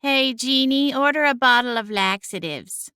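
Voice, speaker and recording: A woman's voice: sits high, expressive, normal speed, bright, forceful tone, clean tone, dry recording, studio quality, pitched above the performer's own voice. Woman voicing a smug talking cat familiar. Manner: drawling, sing-song, condescending. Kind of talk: audiobook character voice.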